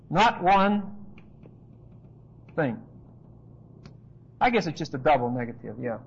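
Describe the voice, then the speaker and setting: High-voiced man teaching scripture. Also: husky, dull audio. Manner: explanatory, emphatic, with asides and rhetorical questions. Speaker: Bible teacher. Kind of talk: expository Bible teaching.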